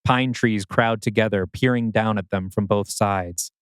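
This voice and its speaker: A man reading scripted narration for an audio drama in a measured, wry manner. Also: lowish voice, steady tone, smooth, no room sound, clean studio sound.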